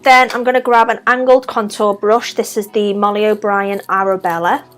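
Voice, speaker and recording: In a casual makeup tutorial, a young female vlogger with a Liverpool Scouse accent talks through each step, adding chatty, self-deprecating asides. Her voice is mid-range and her delivery flat, at a moderate pace.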